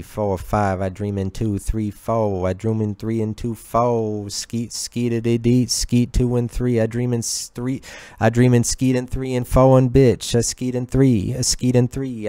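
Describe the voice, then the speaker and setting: A man's voice: mid-range voice, mellow, smooth, dry recording, close to an everyday voice. A man voicing a manic male character who babbles singsong scat nonsense.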